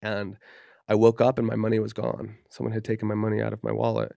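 Guy from utah spilling a wild story, low gravelly fry, swears a lot, dry close sound. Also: monotone, fast, warm tone, dry recording, dull audio. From Utah, USA. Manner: candid and profane, lots of fillers like "you know" and "dude". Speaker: podcast guest. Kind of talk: casual storytelling. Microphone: podcast studio mic.

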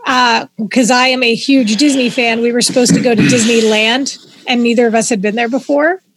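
A woman comedian from Pittsburgh with a Pittsburgh accent, chatting casually as a podcast guest, laughing often and telling stories with quick restarts. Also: a little high, steady tone, heavy background noise. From Pittsburgh, USA.

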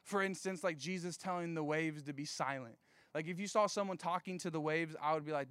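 A young man giving a casual sermon, reading scripture and telling jokey stories, slowing down to stress key points. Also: on the high side, a bit bright, clear, resonant tone, no echo. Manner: conversational, jokey asides, slows down for emphasis.

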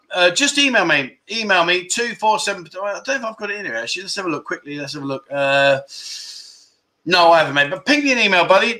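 Male livestream host, high-ish bright voice, loose jokey banter. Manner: chatty, reads viewer comments aloud and jokes with them; uses London slang. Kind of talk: casual livestream chat. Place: Pattaya, Thailand.

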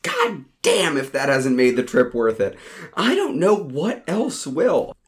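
A man's voice: mid-range voice, sing-song, a little slow. Wry male audiobook narrator. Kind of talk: first-person audiobook narration.

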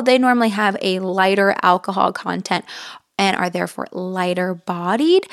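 A woman's voice: medium pitch, fairly bright tone. Chatty young woman podcast co-host. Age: young adult. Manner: chatty, playful, thinking aloud. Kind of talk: casual chat.

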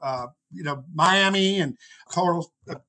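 A man in his sixties with a high, bright voice spins a rambling personal story as a guest. He stops often to correct himself. He acts out the people he quotes. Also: measured pace, poor audio. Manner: rambling, self-correcting anecdotes. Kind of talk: storytelling in conversation.

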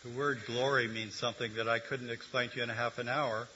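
A man's voice: medium pitch, little pitch movement, fast, sharp tone, slight background noise. An older man giving a conversational sermon, teaching with humor and asides. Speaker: preacher. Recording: dull lo-fi recording.

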